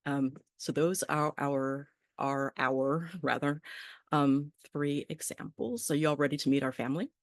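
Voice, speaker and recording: A woman's voice: sits low, measured pace, no room sound, studio quality. A woman teaching an online botany class, friendly, with many ums and small laughs.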